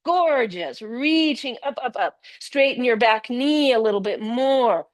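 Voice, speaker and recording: Older woman, yoga teacher, slightly high voice, encouraging and chatty, dry close sound. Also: expressive, measured pace, no room sound. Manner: encouraging, praises students by name. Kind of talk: live yoga class instruction. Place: yoga studio.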